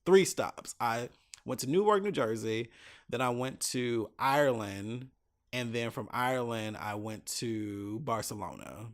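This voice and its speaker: A man's voice: mid-range voice, unhurried. A man hosting his own podcast, recounting a trip in a casual, profane, exasperated way, full of asides. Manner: profane, exasperated anecdote telling with many asides. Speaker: podcast host. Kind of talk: casual solo podcast storytelling.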